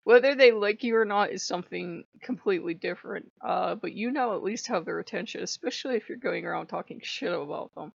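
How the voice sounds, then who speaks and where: A woman's voice: mid-range voice, a little fast, gravelly, few pauses, dry recording. A woman ranting bluntly and with heavy profanity in a casual vlog, in a dull lo-fi recording. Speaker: vlogger.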